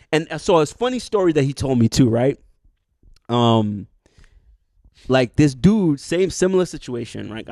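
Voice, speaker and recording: A man on a podcast rambles through a long story in casual, slang-filled talk, piling up fillers and restarts and slipping into quotes of the people involved. His voice sits at a middle pitch, and the sound is close and dry with no room echo. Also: creaky. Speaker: podcast co-host. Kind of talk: casual chat.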